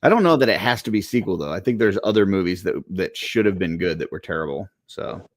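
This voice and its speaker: A man co-hosting a casual live stream, rambling in a relaxed way, laughing often as he reads viewer comments. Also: low voice, quick pace, no echo, studio quality. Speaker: co-host reading viewer comments.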